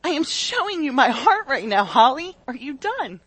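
A woman preacher voicing God as a stern male deity, asking pointed, impatient questions in a slightly lower voice. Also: big pitch swings, moderate pace, a bit bright, no echo.

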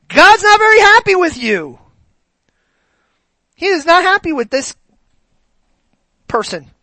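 A preacher giving a sermon, animated and asking the congregation rhetorical questions. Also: medium pitch, dry recording, poor audio.

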